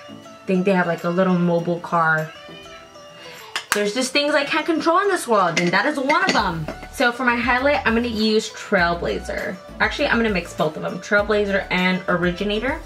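A woman's voice: mid-range voice, normal speed, fairly bright tone, faint music behind. A young woman vlogging a casual makeup unboxing, chatty and loose, thinking aloud and swearing now and then. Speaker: beauty vlogger.

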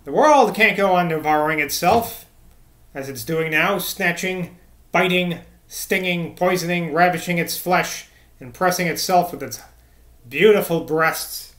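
Feverish young clergyman, passionate and loud, read by a male narrator; echoey recording. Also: high voice, unhurried. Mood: impassioned. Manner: passionate, declaiming. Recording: echoey room.

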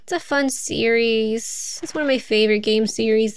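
A woman's voice: fairly high pitch, moderate pace, smooth, no echo. A woman streaming a game, chatting casually as she plays, thinking aloud and laughing often. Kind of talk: casual gameplay commentary.

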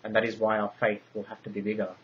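A man reading a story aloud, voicing a grave female oracle who speaks in solemn, measured prophecies. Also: lowish voice, completely flat delivery, a little hiss or hum, natural voice. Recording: dull lo-fi recording.

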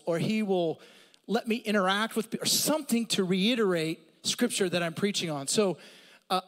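A middle-aged pastor preaches in a high, bright voice that carries through a church with long reverb. He tells his stories with energy, climbing up and getting louder for the humor. Then he drops low and soft to press his point. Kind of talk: sermon. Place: church sanctuary.

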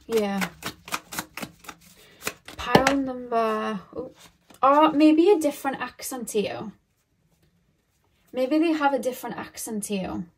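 A woman's voice: fairly high pitch, expressive, takes it slowly, pauses often, a little hiss or hum. A woman giving a casual pick-a-card tarot reading to her viewers, rambling and thinking aloud with lots of filler words.

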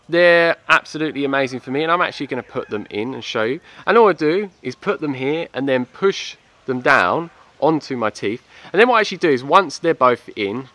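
Speaking at a medium pitch in a pushed, bright voice, a man reviews his aligners to camera as a vlogger. His talk is casual, chatty, and repetitive, full of "like I said" and "yeah," as he enthusiastically recommends them, with a slight lisp from wearing them.

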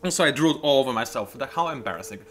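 A man's voice: mid-range voice, animated, rapid-fire, fairly bright tone. A man, chatting casually and rambling off topic while commenting on a game he plays at home. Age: 20s. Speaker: let's play host. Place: home room.

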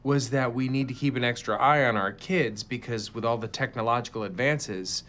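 A man's voice: medium pitch, moderate pace, fairly bright tone, a little hiss or hum, close to an everyday voice. An actor playing a father who defends himself in a placating way at a school meeting, in a film comedy. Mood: defensive.

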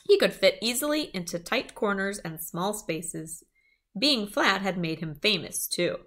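A woman's voice: medium pitch, measured pace. A woman reading a children's chapter book aloud, with small asides to her listeners. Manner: lively storytelling, small asides.

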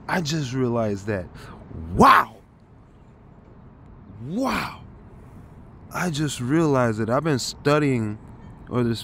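A man giving an informal scripture study talk, thinking aloud with halting restarts and sudden bursts of excited realization. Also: medium pitch, a little hiss or hum. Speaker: Bible teacher.

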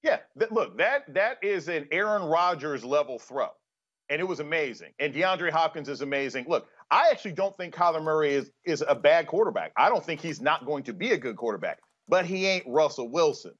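A middle-aged man holds forth in loose sports banter, emphatic and teasing as he trashes a rival. His voice sits a little high. The audio comes through muffled and lo-fi, as if from a remote link. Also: lively intonation, fairly quick, a bit bright. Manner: emphatic, playful trash talk. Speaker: guest commentator.

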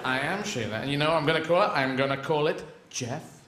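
A man acts out a stubborn caveman inventor who won't give up, bragging that he'll be famous. The voice sits fairly high. It rings through a roomy live venue with audience noise behind it. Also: expressive, quick pace, close to an everyday voice. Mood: proud. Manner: proud, insistent.

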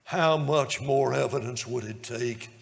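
A man's voice: medium pitch, a little slow, vocal fry. Impassioned male preacher in a reverberant hall. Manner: swells from hushed storytelling to loud impassioned preaching. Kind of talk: sermon.

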